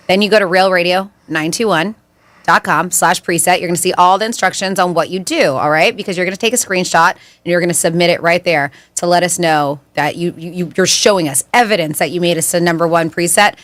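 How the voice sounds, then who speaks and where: Bright, teasing female radio co-host. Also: lowish voice, no echo. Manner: laughing, teasing. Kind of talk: casual radio banter and promo reads.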